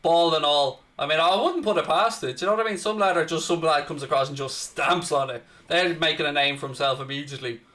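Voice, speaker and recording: A man's voice: a little high, quick pace, few pauses, bright, forceful tone. A man, hosting a live football watchalong with brash, crude, mock-boastful banter. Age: 30s. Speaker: host.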